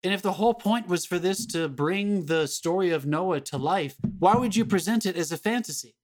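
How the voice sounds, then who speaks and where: Brief: male podcast co-host, raised pitch, emphatic and exasperated, frequent cursing. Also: normal speed. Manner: emphatic, exasperated, swears often. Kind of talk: casual film-review chat.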